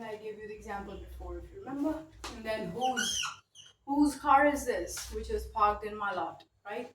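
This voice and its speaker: A woman's voice: fairly high pitch, a little hiss or hum. A woman teaching a grammar lesson, explaining patiently with many fillers and tag questions. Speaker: English teacher. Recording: echoey room, mic at a distance, faint ambience.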